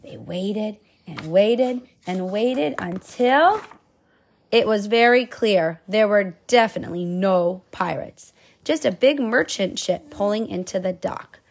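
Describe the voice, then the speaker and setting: A woman's voice: mid-range voice, lively intonation, slow pace, vocal fry. A young mother reading a children's picture book aloud to her child. She is patient, stops to explain words and asks the child questions.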